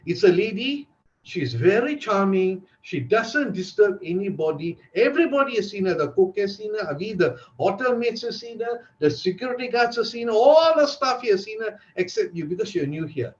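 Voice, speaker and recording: A man doing a calm head housekeeper woman. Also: sits high, moderate pace. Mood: reassuring. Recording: dull lo-fi recording.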